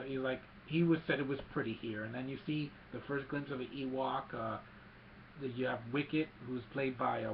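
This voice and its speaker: A man excitedly recapping a movie scene by scene, mixing in sound effects and quick character quotes. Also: mid-range voice, dull audio, slight background noise. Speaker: movie reviewer.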